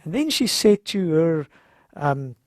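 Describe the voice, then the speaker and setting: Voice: mid-range voice, sing-song, slow, dry recording, studio quality. A speaker gives a conversational Bible-story sermon at a health seminar, retelling scripture informally and acting out the characters' lines.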